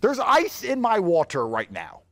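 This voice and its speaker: A man's voice: high-pitched, huge pitch swings, unhurried, gravelly, a bit bright, no room sound, studio quality. A man speaking as an interview guest, boastful and mocking, often slipping into sneering mimicry of others. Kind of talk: interview clip played in a reaction video.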